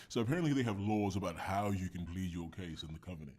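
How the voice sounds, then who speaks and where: A man's voice: low voice, animated, fast, a little mellow, slightly rough. A man giving casual, sarcastic commentary and mocking the person on screen.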